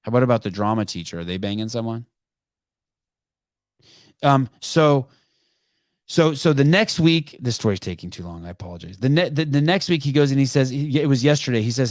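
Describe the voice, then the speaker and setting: A man's voice: mid-range voice, expressive, brisk, dry recording, studio quality. A middle-aged man hosting a podcast, telling a rambling family story with asides and self-corrections. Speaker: podcast host. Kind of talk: casual live call-in chat.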